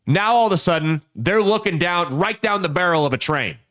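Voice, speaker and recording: Opinionated man with a fairly high voice. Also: fairly bright tone. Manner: folksy storytelling with quick voices for people in the anecdotes. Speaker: podcast host. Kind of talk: opinionated political commentary.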